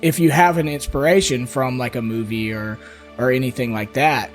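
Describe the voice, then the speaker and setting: A man's voice: mid-range voice, fairly even intonation, moderate pace, soft background music. A middle-aged man from the US South, co-hosting a tabletop podcast in loose, profane casual chat. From Mississippi, US South. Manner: loose and profane, full of "like" and "you know". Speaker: podcast co-host, game master.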